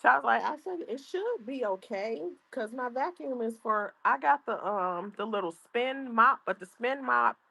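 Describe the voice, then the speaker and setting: A woman's voice: a little high, expressive, normal speed, creaky, few pauses, pushed and bright, husky. A grandmother streaming casually from home, chatting and reading her chat aloud. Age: older. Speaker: livestream host. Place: outdoors at home.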